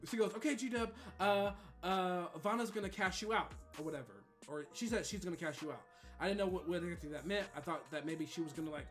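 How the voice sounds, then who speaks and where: A man streamer telling a funny story in a casual, animated way, with frequent laughter and swearing. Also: on the high side.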